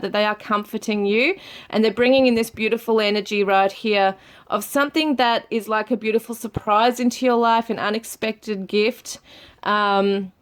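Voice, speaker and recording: Woman, tarot reader, soothing, gentle, talks to viewers, filler words. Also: fairly high pitch. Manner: soft, soothing, with many fillers. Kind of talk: gentle tarot reading monologue.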